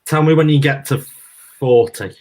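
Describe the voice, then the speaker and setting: A man's voice: mid-range voice, normal speed, darkish tone. A man co-hosting a live football watchalong, bluntly pessimistic about his team's chances. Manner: gloomy and blunt. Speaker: football fan co-host. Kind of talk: casual live watchalong chat.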